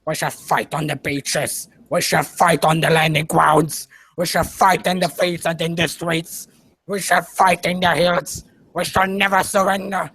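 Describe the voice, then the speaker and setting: Guy doing a gravelly old-school war speech, bright and rough, slow and solemn. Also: on the high side, level tone, heavily acted. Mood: grand oratory. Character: man doing a Churchill wartime speech. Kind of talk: impression of a wartime speech.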